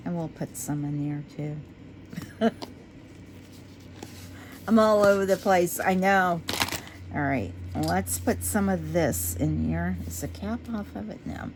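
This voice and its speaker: A woman chatting casually to her viewers as she works on a craft project. She talks to herself while she works and drifts into low, quiet talk when she concentrates. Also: background noise. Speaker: resin craft vlogger.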